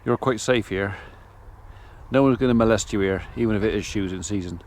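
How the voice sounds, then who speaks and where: A middle-aged man, talking casually to camera while he does his farm chores outdoors. He rambles in a relaxed, chatty way and breaks off now and then to talk to his animals. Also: on the low side, brisk. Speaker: farmer vlogger. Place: farmyard outdoors.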